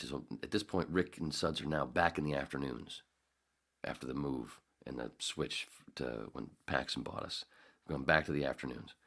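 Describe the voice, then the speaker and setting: A man's voice: very deep voice, creaky, fairly bright tone. A middle-aged man hosting a podcast, telling a rambling anecdote in casual storytelling style, correcting himself as he goes. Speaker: podcast host.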